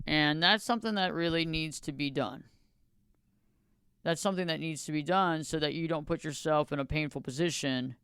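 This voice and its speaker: Smooth-voiced man hosting a motivational podcast. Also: on the high side, no room sound, studio quality. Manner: repetitive, preachy, builds lists of phrases. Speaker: podcast host. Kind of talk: motivational solo podcast talk.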